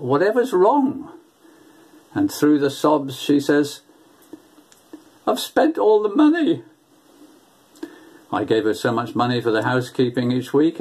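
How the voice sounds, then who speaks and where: An older man delivers a sermon at an unhurried, deliberate pace. He speaks earnestly, telling homely stories and often doubling his words as he goes. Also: mid-range voice, darkish tone, breathy edge. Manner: storytelling, earnest, repeats words. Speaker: preacher.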